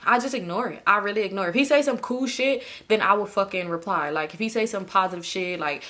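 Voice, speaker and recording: A woman's voice: mid-range voice, quick pace, a bit bright. A woman in her twenties telling a story to her viewers in a candid, profane, casual way, with frequent laughter. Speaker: vlogger.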